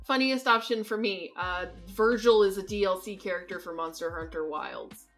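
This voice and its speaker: Bright-voiced woman, animated podcast host. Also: mid-range voice, moderate pace, faint music behind. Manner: animated, laughs often, ends points with "right?". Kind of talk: casual gaming chat.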